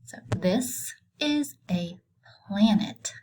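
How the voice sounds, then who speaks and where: A woman's voice: mid-range voice, expressive, drawn-out words, darkish tone, slight background noise, low-quality recording. A woman teaching a recorded reading lesson to kindergarteners, patient and encouraging, asking simple questions and praising answers.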